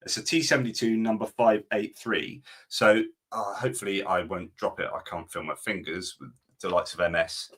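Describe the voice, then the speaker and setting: A man's voice: on the low side, fairly even intonation, normal speed, fairly bright tone, breathy edge. Guy rambling on his live stream, reading chat, pretty opinionated. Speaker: host.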